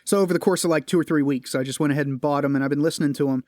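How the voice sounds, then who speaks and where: Male podcast host, casual monologue, curses freely, somewhat high voice, dry close recording. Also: rapid-fire, darkish tone, no echo. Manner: rambling and profane, with frequent restarts; tired, complaining.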